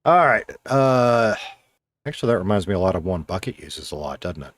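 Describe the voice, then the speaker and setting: A man's voice: sits low, big pitch swings, fairly quick, dry recording. A man streaming a game, chatting casually and thinking aloud in a rambling, self-deprecating way. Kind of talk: casual live-stream chat while playing.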